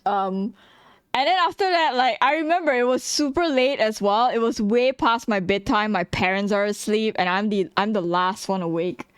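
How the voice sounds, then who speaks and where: A young adult woman casually telling a story about her school days, animated, laughing often and swearing freely. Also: medium pitch, normal speed, clear, resonant tone, no echo.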